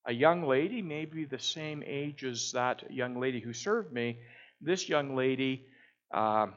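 A man telling a personal story in a reflective talk, unhurried and pausing often with "uh". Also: mid-range voice, a bit bright, lo-fi sound. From Canada. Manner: unhurried, with frequent "uh" pauses. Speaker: speaker.

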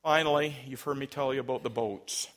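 A man's voice: medium pitch, brisk. A man, a pastor, preaching an emphatic sermon and telling stories. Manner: emphatic, storytelling, big swings in loudness.

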